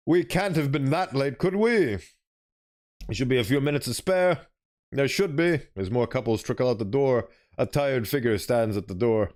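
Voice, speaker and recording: A man's voice: mid-range voice, a little mellow. A man streaming as a VTuber, reading a visual novel aloud expressively and breaking off for casual, swear-laced asides.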